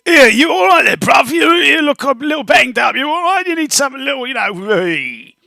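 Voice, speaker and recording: A man's voice: extremely high pitch, very animated, fairly quick, vocal fry, no echo, studio quality, heavily acted. A man doing a rowdy cockney goblin minion. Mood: jovial. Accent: put-on Cockney. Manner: loud, jokey, laughing.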